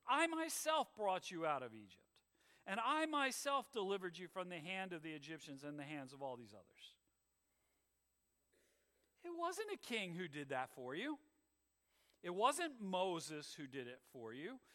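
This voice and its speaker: Bright, high-voiced man preaching in a hall. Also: wildly swooping pitch, measured pace. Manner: emphatic, rising and falling preaching cadence. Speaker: pastor. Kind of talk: sermon.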